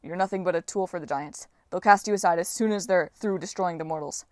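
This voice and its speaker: A woman's voice: on the low side, fast, a little mellow, no room sound, clean studio sound, natural voice. A woman reading an audiobook voices a young male demigod hero who talks earnestly and persuasively.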